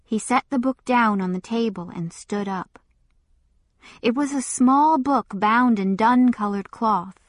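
Female audiobook narrator, measured and deliberate, slightly high voice, very slow pace, dry close sound. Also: no echo. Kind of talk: scripted narration.

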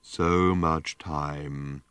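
A man voicing an ancient, rusted, depressed male robot in an audiobook, with a slow, groaning, gloomy drawl. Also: very deep voice, steady tone, a bit bright, clean tone, dry recording, voice pushed down, exaggerated voice.

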